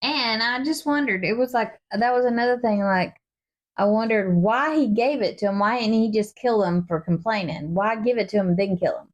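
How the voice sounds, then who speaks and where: A woman's voice: on the high side, moderate pace, lo-fi sound. A woman co-hosting a casual Bible study chat, reading verses aloud and talking them over in a chatty way. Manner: chatty, reads verses aloud and acts out quotes. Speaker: co-host of a Bible study podcast.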